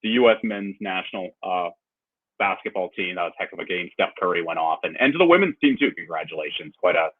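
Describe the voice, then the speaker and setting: Male podcast co-host, animated sports talker, low husky voice, dry phone-quality sound. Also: quick pace, no room sound. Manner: animated, laughs easily, restarts often. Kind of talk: casual sports chat. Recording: tinny phone-like line.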